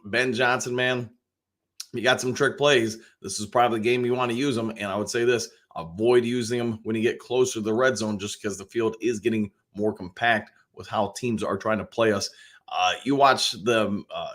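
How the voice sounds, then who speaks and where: A man's voice: fairly low pitch, fairly bright tone. A man hosting a live football talk show, reading viewer comments and giving his take in a rambling, casual way with lots of restarts. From Detroit area. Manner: chatty, rambling with frequent restarts and fillers; greets viewers by name, upbeat.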